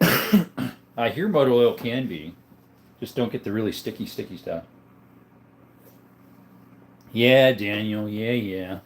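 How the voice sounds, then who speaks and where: A man's voice: lowish voice, lively intonation, slow pace, pauses often. A man hosting a livestream, casually reading viewer comments aloud and answering their questions one by one in a laid-back way. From Arizona, US. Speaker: livestream host.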